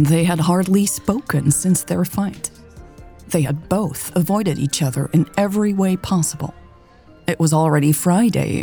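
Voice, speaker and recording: A woman narrating a romance story in a calm, even audiobook style. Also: fairly low pitch, vocal fry, breathy edge.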